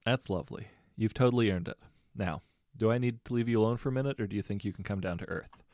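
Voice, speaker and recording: A man's voice: lowish voice, fast talker, a little mellow, no echo, clean studio sound, natural voice. A man reading a grinning, teasing young man. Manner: exaggerated politeness.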